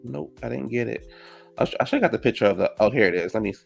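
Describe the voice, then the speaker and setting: A man casually recapping a reality TV episode, gossipy and profane, reacting loudly to the drama. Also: medium pitch, expressive, very fast, gravelly, faint music behind.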